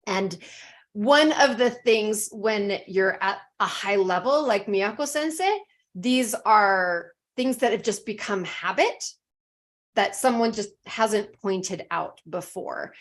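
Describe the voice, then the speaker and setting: Slow, encouraging woman teaching pronunciation. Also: mid-range voice. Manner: encouraging, models words slowly and deliberately. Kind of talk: online pronunciation lesson.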